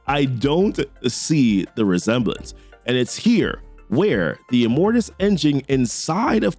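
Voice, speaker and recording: A man's voice: medium pitch, slow, soft background music. A man casually recapping a comic book story in a slangy, conversational way. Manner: slangy, conversational, lively delivery.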